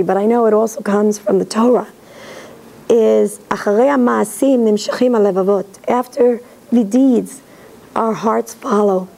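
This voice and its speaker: A middle-aged woman lecturing in a synagogue, talking directly and lively and acting out parents' voices. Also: on the high side, vocal fry, rough recording.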